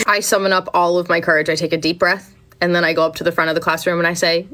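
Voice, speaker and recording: A woman in her twenties telling a story vlog-style, keeping her voice down at home at night while acting out quotes. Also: fairly low pitch. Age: 20s. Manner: keeps voice down since others are asleep; quick, animated retelling with acted quotes.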